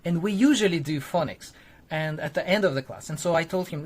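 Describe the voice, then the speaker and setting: A man's voice: on the high side, fairly quick. Conversational male teacher telling a story. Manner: loose and conversational, many fillers, acts out quoted lines. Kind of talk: casual storytelling to camera.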